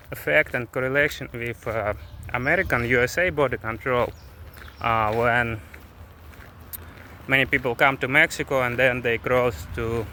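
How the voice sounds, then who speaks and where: Bright-voiced man vlogging on a busy street. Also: medium pitch. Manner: candid, complaining, with halting restarts. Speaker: travel vlogger. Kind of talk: casual vlog monologue. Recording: faint street traffic noise.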